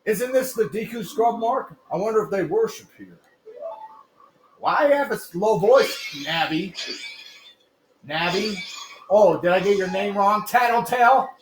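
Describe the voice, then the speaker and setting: A man freestyling rambling rhymes while playing a video game, with sudden shouted bursts and a hoarse, worn voice. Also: sits high, animated, a little slow, long pauses, slight background noise. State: hoarse, losing his voice. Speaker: gaming streamer. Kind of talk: let's-play commentary with freestyle rapping.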